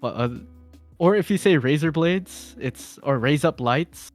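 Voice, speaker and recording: A man's voice: on the high side, animated, measured pace, faint music behind. A man talking as a podcast guest in casual chat, rambling with fillers and restarts and laughing often. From Philippines.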